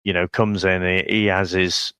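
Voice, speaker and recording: A man co-hosting a casual film chat, wry and relaxed, often ending remarks with a question. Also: sits low, normal speed, clean tone, dry recording, studio quality. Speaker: podcast co-host.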